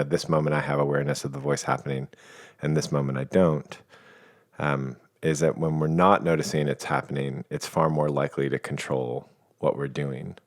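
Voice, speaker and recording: Really deep voiced guy chatting on a podcast, calm and playful, explains stuff. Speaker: guest, coach. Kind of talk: reflective conversation.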